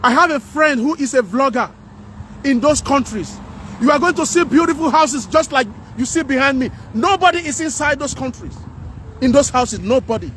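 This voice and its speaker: A man's voice: very high-pitched, fairly bright tone, slight background noise. A man delivering a fervent, repetitive to-camera rant outdoors by houses on a street. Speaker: vlogger.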